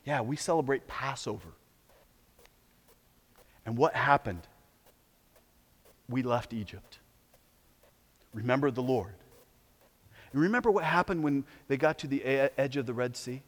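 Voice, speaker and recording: A man preaching a sermon, swinging between hushed, quiet passages and loud, exhorting ones. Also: medium pitch, lively intonation, normal speed, long pauses, big-room sound. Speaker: pastor.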